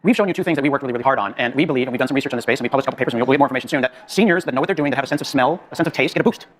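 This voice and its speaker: A man presenting a live tech demo on stage, excitable and joking as he walks the audience through his tools. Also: medium pitch, racing. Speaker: conference presenter.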